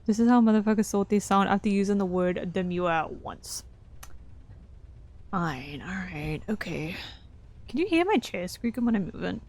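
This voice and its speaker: A woman's voice: mid-range voice, animated, fast talker, few pauses, darkish tone. A young woman live-streaming a game from her desk at home, chatting casually with lots of swearing and laughing asides.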